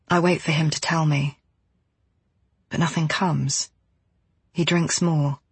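A woman narrates a first-person novel in a steady, measured read. Her voice is husky and a little breathy. The recording is dry and close, with no room sound. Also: low voice, dry recording. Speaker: audiobook narrator.

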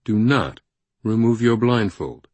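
A man playing a stern, secretive older mentor who speaks slowly and firmly, giving nothing away. The voice is deep and husky, recorded close and dry. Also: no echo. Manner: stern and calm.

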